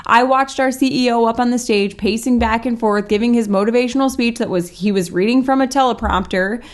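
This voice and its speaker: A woman's voice: fairly high pitch, brisk. A woman hosting a chatty, sarcastic reaction commentary, peppered with likes. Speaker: commentary host.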